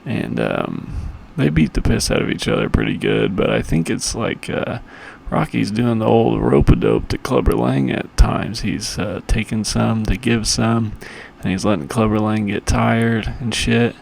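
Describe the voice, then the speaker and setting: A man recaps movies in a crude, rambling comedic style, swearing freely and tossing in loose impressions of the characters. His voice is low and deeply gravelly. A faint hiss sits under the recording. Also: very animated, a little slow, a little mellow. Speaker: podcast host reviewing movies.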